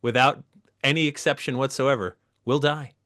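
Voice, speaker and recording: A middle-aged man, a guest author telling stories with animated energy in a casual interview. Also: medium pitch, normal speed. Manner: lively, animated storyteller.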